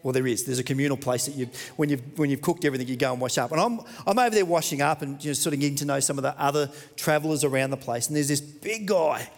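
An Australian man preaching, telling a story in an earnest, chatty way. His voice sits a little high for a man. It rings out with the long reverb of a big hall. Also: quick pace, vocal fry, few pauses. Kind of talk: storytelling sermon.

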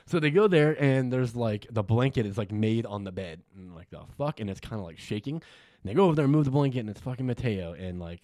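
A man's voice: lowish voice, animated, quick pace, a little mellow, no room sound, clean studio sound. A man in casual chat, recapping a film scene by scene, quoting the characters and swearing freely. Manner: retells scenes with quoted dialogue, swears freely.

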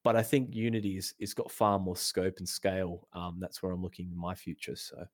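A man's voice: deep voice, little pitch movement, fairly quick, no echo, studio quality. A man, an indie game developer, talking casually and at length in a podcast interview, with restarts and self-deprecating asides. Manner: rambling, self-deprecating, frequent restarts and laughs. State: losing his voice.

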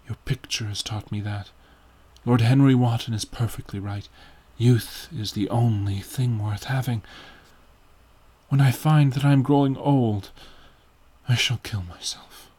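A man's voice: medium pitch, unhurried, a little mellow, breathy edge. Man voicing a young man, vain, brooding, intense, declamatory, storybook reading. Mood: impassioned.

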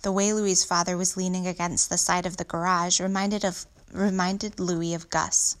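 Woman, children's novel read aloud, steady, a few slips, lowish voice. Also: normal speed. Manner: steady, with small slips and corrections. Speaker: audiobook reader.

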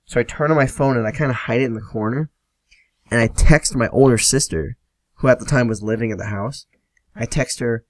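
A man's voice: medium pitch, fairly quick, no room sound. Young man swearing through a story. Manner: profane, animated retelling with quoted dialogue. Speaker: podcast host. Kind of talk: casual solo storytelling.

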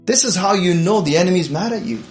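High-voiced preacher in an echoey room. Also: male voice, lively intonation, fast. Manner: urgent, exhorting, direct address to viewers. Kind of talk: sermon. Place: livestream. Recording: echoey room with faint music.

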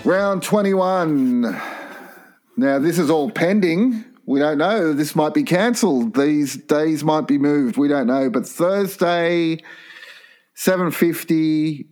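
Wisecracking man, slightly high. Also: slow pace, darkish tone. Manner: dry wisecracking, teasing. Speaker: podcast co-host. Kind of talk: casual sports banter.

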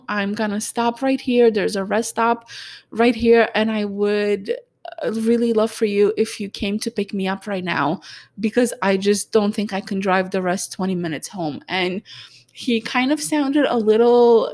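A woman telling a personal story in a halting, reflective way, with many fillers and a gently emotional, earnest tone. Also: mid-range voice, steady tone.

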